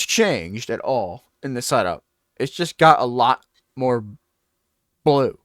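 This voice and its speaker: A man's voice: mid-range voice, slow, long pauses, no room sound, clean studio sound. A man hosting a talk show, telling a rambling comedic bit and acting out scenes. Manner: animated, rambling, acts out scenes.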